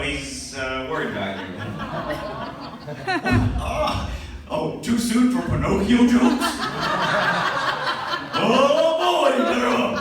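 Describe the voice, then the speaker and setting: A young man working a comedy club stage with a high, lively voice that swings up into mock-panicked shouts. He takes his time with the setups. The recording sounds distant and echoey, with a laughing audience behind him. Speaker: stand-up comedian. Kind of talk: stand-up comedy set. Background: audience laughing and cheering.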